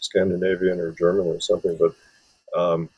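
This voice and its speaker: Low husky-voiced male author. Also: flat delivery, a little fast, a little mellow, dry recording, muffled recording. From Wisconsin. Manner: rambling, many restarts and fillers. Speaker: author and film scholar. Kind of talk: interview answers.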